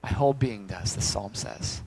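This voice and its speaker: A man preaching a sermon as pastor, swinging from loud cries to hushed near-whispers. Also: lowish voice, normal speed, husky, poor audio.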